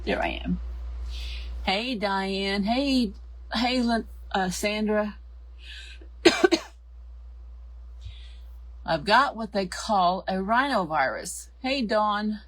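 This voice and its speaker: A hoarse middle-aged woman hosts a live craft tutorial, chatting and greeting viewers by name. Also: medium pitch, slow pace. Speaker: craft show host.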